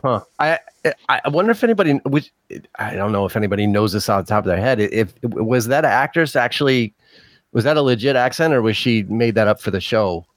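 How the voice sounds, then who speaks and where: A man's voice: medium pitch, expressive, a little fast, no echo. A man hosting a podcast, talking in an easygoing, hesitant way with many fillers. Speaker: podcast host. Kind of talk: casual chat.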